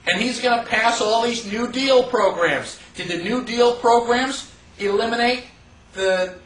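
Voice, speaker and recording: A man teaching a live class in a casual, conversational way, asking the room rhetorical questions and acting out quick mock quotes. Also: extremely high pitch, fairly bright tone. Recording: echoey room from far off.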